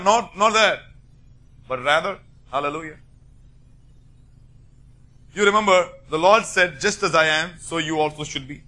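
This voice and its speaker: Male preacher, high bright voice, emphatic sermon delivery. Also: measured pace, long pauses. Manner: emphatic, rising to forceful bursts.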